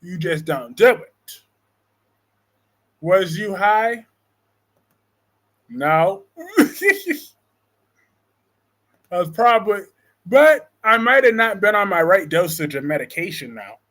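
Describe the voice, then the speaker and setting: A man hosting a casual live-stream chat about soap operas, excitable and quick to fire up, reading viewer comments aloud. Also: high voice. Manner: excitable, swings from calm to loud anger. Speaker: soap opera talk show host.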